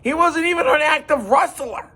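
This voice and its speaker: A man hosting a podcast, retelling a story in an animated, emphatic way. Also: extremely high pitch, moderate pace. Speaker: podcast host. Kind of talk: casual storytelling.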